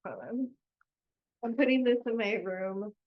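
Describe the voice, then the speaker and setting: A woman co-hosting a podcast in casual chat, gushing and excitable, often breaking into laughter. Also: on the high side, a little slow, muffled recording. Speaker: podcast co-host.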